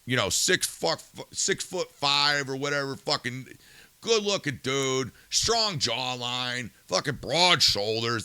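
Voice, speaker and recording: A man's voice: medium pitch, bright, forceful tone, clean tone, dry recording. A male podcast host in a profane ranting monologue, angry and swearing, firing rhetorical questions and then turning subdued and somber.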